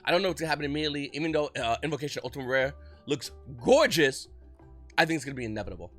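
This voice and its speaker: A man giving excited, rapid market commentary as host of his channel, often restarting his sentences. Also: on the high side, faint music behind. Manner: talks fast when excited, frequent restarts. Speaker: trading card market commentator.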